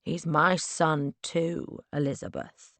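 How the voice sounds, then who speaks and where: A woman voicing a brazen, tipsy young gentleman who pleads in a hushed, insistent voice in an audiobook. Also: deep voice, steady tone, slow pace, dry recording. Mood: pleading.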